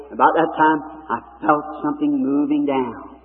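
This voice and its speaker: A man with a fairly high voice preaches a sermon as a folksy, earnest story and acts out each person's lines. The sound is narrow and phone-like, like an old archival tape, with a long hall reverb trailing behind. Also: fairly even intonation, normal speed.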